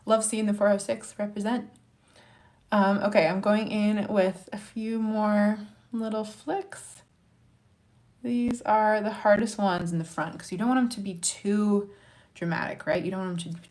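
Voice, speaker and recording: A woman's voice: mid-range voice, a little mellow. A young woman from Montana chatting to her viewers in a casual makeup tutorial, encouraging and talking while she works. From Montana, USA. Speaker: makeup vlogger.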